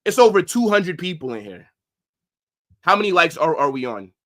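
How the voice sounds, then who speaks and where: A man ranting angrily on a football livestream, profane, swinging from shouts to low mutters. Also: big pitch swings, normal speed. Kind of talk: livestream rant.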